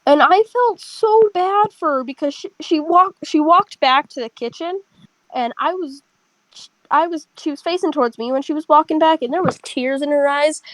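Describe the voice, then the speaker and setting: Young woman, high voice, rambling animated storytelling, dry headset sound. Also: moderate pace, no echo, low-quality recording. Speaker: storyteller among friends. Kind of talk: casual chat.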